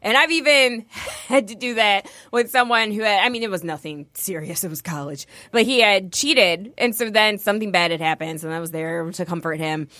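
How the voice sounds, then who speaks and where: A woman's voice: medium pitch, moderate pace, sharp tone, dry recording. A woman in casual chat, giving frank advice.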